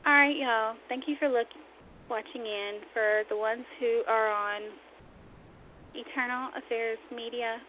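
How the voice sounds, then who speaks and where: A high-pitched woman preaches and rambles on her own online talk show, repeating her points with fervor. The sound is thin and phone-like, with a faint hiss underneath. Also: fairly even intonation, a little slow. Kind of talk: impassioned religious talk show. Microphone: online radio stream. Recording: tinny phone-line audio, faint noise.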